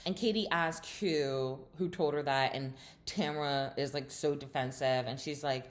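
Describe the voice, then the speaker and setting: A woman's voice: extremely low pitch, fairly even intonation, moderate pace, hardly any pauses. A woman hosting a casual reality TV recap, chatty and opinionated, with lots of fillers and sassy asides.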